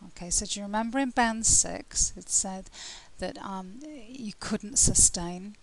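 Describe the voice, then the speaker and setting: A British woman, a language test tutor, explaining scoring criteria in a relaxed, conversational way with frequent fillers and restarts. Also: lowish voice, unhurried, hardly any pauses, rough recording. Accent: British English. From Britain.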